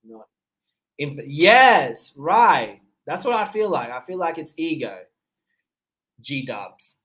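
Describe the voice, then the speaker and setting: Speaking a little high and unhurried, this livestream host replies to viewer comments with frequent fillers and easy laughter. His relaxed, conversational talk carries an Australian accent blended with the Seychellois English of his parents.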